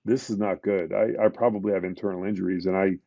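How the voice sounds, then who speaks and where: A middle-aged man, a retired police detective, telling a painful story in a casual podcast interview, with halting restarts and fillers. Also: deep voice, steady tone, vocal fry, warm tone, dry recording, dull audio. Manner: emotional, halting retelling with many restarts and fillers.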